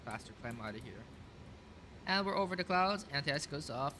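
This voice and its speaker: A man with a bright, forceful voice talks through a simulated flight, reading out checklist steps and figures as he goes. He thinks aloud, with a steady stream of ums and uhs and quick self-corrections. A faint hiss sits under his voice. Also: on the high side. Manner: thinks aloud, calls out checklist items with many fillers. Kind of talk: casual flight sim commentary.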